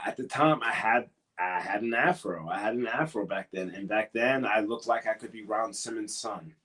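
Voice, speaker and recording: Male interview guest, ex-wrestler, lower register, loose rambling delivery with lots of repeats. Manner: rambling, repeats words and restarts. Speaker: former pro wrestler as guest. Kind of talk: casual interview storytelling.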